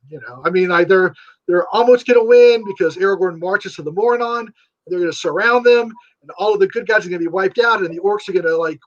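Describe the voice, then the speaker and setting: A man chatting as an interview guest, animated and rambling, full of fillers and big swings of emphasis. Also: high-pitched, lo-fi sound. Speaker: guest writer. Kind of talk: enthusiastic casual interview chat.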